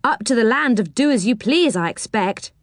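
A woman voicing an eager young boy who leads the other children in a read-aloud story, sounding bright and encouraging. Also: on the high side, lively intonation, normal speed, no echo, clean studio sound, close to an everyday voice.

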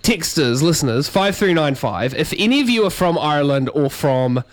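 A man co-hosting a radio drive show, relaxed and running through the rundown. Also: on the high side, moderate pace. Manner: easygoing, reads show rundown. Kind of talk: casual radio banter.

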